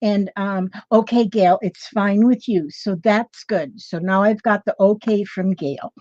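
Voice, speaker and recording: A woman's voice: medium pitch, unhurried, darkish tone, dry recording, dull audio. A woman hosting a craft livestream, chatting casually and rambling as she greets viewers by name. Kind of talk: casual live chat with viewers.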